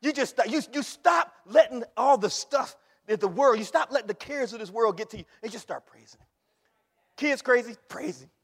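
A man with a high, bright voice preaches, swinging between quiet storytelling and shouts of praise. His voice swoops widely in pitch and rings out through a church hall with a long echo. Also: expressive, normal speed, husky. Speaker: pastor. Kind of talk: sermon. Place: church sanctuary.

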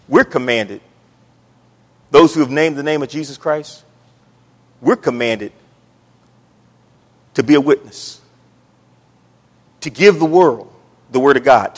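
A man from the United States preaching a sermon, emphatic, swinging between loud and hushed. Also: mid-range voice, lively intonation, slow, pauses often. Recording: reverberant hall.

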